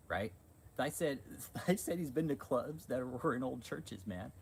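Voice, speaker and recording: A man's voice: medium pitch, lively intonation, a little slow, creaky, slight background noise. A man hosting a livestream, ranting in a heated, profane, repetitive way. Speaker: channel host.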